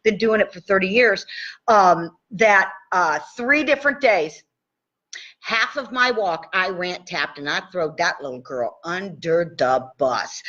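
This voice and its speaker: A woman in her sixties coaching tapping in a casual live session, chatty and animated, checking in with listeners often. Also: fairly low pitch, a little slow. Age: 60s. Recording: dull lo-fi live stream audio.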